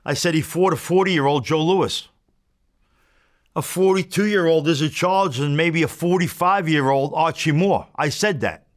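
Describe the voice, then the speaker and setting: A man's voice: fairly high pitch, normal speed. A man as an interview guest, telling a story bluntly with plenty of swearing and re-enacted back-and-forth. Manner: blunt, profane, re-enacts exchanges as he tells them.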